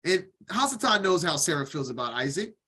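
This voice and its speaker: A man's voice: on the high side, sing-song, a little fast, bright, forceful tone, slightly rough. A man teaching scripture, reading a passage line by line and stopping to add his own informal comments. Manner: reads aloud, then breaks off to comment casually.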